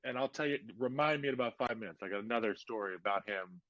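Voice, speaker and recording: A man in his thirties, a podcast guest, telling a personal story in a casual, animated way with lots of fillers. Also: on the low side, fast talker, no echo. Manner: animated, lots of "like" and "you know". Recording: dull lo-fi podcast audio.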